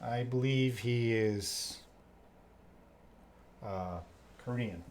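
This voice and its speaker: A young man from Canada teaching English live, answering chat questions casually and repeating phrases slowly for learners. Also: medium pitch, a little mellow, a little hiss or hum.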